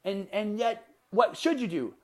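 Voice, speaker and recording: A man's voice: high voice, animated, a little slow. A man hosting his own motivational podcast, talking with punchy energy and firing off repeated rhetorical questions. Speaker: podcast host and life coach.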